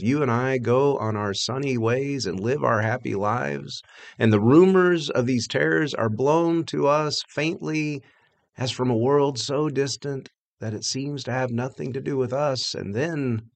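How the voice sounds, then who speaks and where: A man reading a sermon aloud from a manuscript, building intensity in the passionate passages. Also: mid-range voice.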